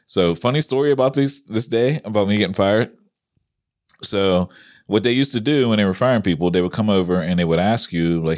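A man's voice: on the low side, fairly quick, darkish tone, no echo, clean studio sound. A man in casual conversation, telling funny stories with plenty of swearing and laughter, acting out what people said. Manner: laughs often, swears freely, acts out quotes. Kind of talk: casual chat, storytelling.

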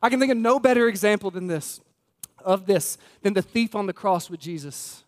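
A man's voice: high-pitched, expressive, normal speed. A man preaching a sermon as pastor, earnest and emphatic, repeating key words and speaking straight to the congregation. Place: church sanctuary.

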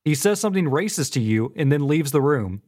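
A man's voice: on the high side, expressive, brisk, a little mellow. An easygoing man co-hosting a casual chat, recapping plots with fillers like "like" and "um".

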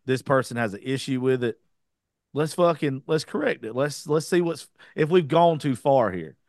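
A man's voice: mid-range voice, animated, moderate pace, darkish tone, no room sound, studio quality. A man hosting a podcast in casual chat, talking bluntly and profanely with rambling asides. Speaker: podcast host.

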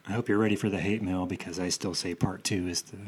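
A man's voice: low-pitched, steady tone, quick pace, breathy edge. A man talking casually about movies in a laid-back way, often with short interjections. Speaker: podcast co-host.

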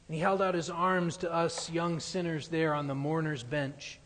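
A man preaching a sermon, reading a story aloud with earnest storytelling that drops to a hush in the sad passages. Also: on the high side, steady tone, moderate pace, hardly any pauses. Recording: long hall reverb.

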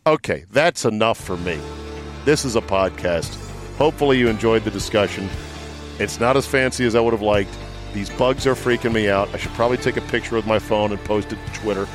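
A man's voice: on the low side, brisk, music in the background. A man hosting a casual sports podcast, joking and swearing freely, recording from inside a van. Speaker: podcast host. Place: in a van at night.

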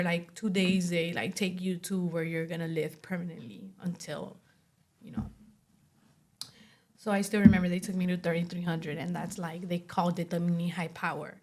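A young woman talking as an interview guest, telling a personal story in a casual way. She speaks in quick runs full of "like" and acts out what others said. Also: fairly low pitch, steady tone.

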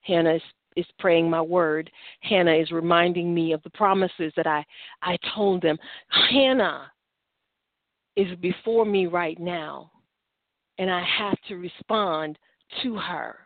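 Woman preacher doing god talking, earnest and coaxing, kinda low, tinny phone sound. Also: unhurried, pauses often, dry recording. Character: God, patient, asking for faith. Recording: tinny phone-like line, dry.

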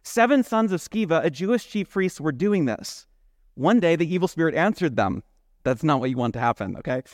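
A man's voice: on the high side, sing-song, a little fast, dry recording, studio quality. A male pastor preaching in a conversational way, full of rhetorical questions. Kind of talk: sermon.

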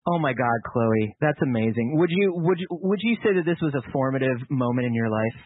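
A man's voice: medium pitch, expressive, fairly quick, no echo. A man hosting a casual podcast who talks in playful, teasing banter. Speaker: podcast host. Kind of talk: casual chat. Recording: tinny phone-like line.

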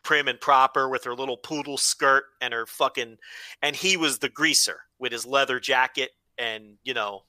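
A man's voice: medium pitch, moderate pace, pushed and bright, no echo. A man co-hosting a podcast in loose, profane, joking chat. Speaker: podcast co-host. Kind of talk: casual chat.

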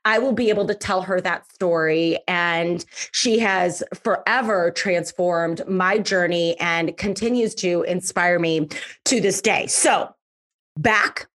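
A woman's voice: fairly low pitch, slow. A woman podcast host telling a personal story in a casual, chatty way, stressing words by repeating them. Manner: lively, emphatic, repeats words for effect; chatty, with fillers.

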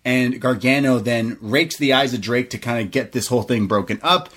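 A young man tells the story with eager energy, cursing casually and breaking into laughter. His voice sits at an ordinary middle pitch, and he talks like a fan chatting with a friend on a podcast. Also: moderate pace, slightly rough. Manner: animated storyteller, swears freely, laughs often. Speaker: podcast co-host. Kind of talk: casual excited recap.

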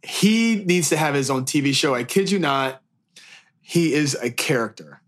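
A man's voice: fairly high pitch, lively intonation, normal speed, fairly bright tone. A man co-hosting a podcast, chatting in a playful, joking way. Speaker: podcast co-host, bartender. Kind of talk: casual chat.

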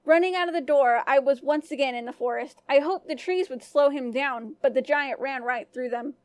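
A woman storyteller giving scripted first-person narration of a folk tale in an even, clear manner. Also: sits high, normal speed, dry recording.

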